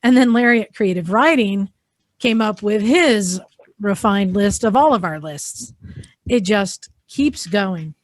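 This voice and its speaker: A woman co-hosts a casual podcast, chatty and piling her news up one "and then" after another. Her voice sits at an ordinary pitch and sounds close and dry. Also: animated, a little slow, no echo. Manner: chatty, tells news in long strings of "and then". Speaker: podcast co-host. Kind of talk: casual chat.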